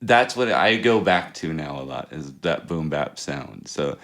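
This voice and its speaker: A man's voice: a bass voice, animated, a little slow, a bit bright. A man in his thirties, a rapper and producer, telling rambling stories in a casual interview and chuckling often. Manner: laid-back, chuckles often, rambling anecdotes.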